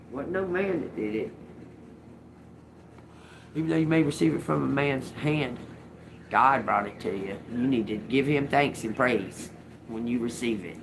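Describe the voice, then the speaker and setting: A woman's voice: extremely low pitch, creaky, background noise. A woman giving a casual spiritual reading to a collective audience. She laughs often, swears freely and talks in a loose, streetwise way. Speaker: intuitive reader.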